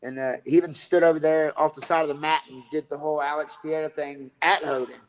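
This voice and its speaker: A man's voice: on the high side, fairly even intonation, fast, low-quality recording. A man telling a rambling, profane story about fighting and coaching in a casual interview.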